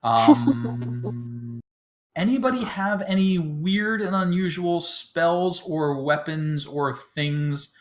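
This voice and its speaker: Taking his time, a tabletop game master with a fairly high, animated voice goes over the rules in a relaxed way. He is a big talker who jokes at his own expense and fills his speech with frequent ums.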